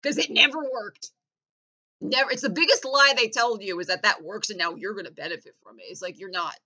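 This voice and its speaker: A woman launches a heated, profane rant with biting sarcasm. Her voice is bright and edgy, and she mocks as she goes. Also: medium pitch, brisk, rough recording. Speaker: vlogger.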